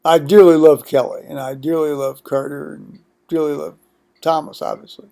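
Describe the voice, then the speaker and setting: A man's voice: fairly high pitch, little pitch movement, normal speed, gravelly, mellow. An older man vlogging at home in a rambling monologue, digressing often with blunt, profane asides.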